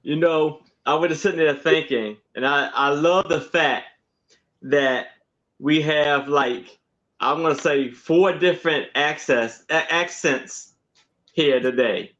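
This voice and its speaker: An easygoing man talks slowly in a relaxed live chat and laughs often. His pitch is a touch high. The sound is slightly dull. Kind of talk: casual live-stream chat.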